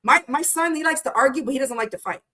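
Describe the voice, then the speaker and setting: Middle-aged woman, tarot streamer, slightly high voice, chatty and blunt. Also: expressive, quick pace, pushed and bright. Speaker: tarot reader. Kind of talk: casual live-stream tarot reading.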